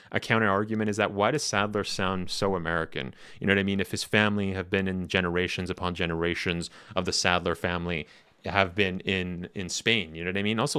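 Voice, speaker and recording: A man hosting a casual livestream, rambling and chatty, laughing often and jumping up in pitch when excited. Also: clear, resonant tone. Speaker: livestream host reacting to game footage.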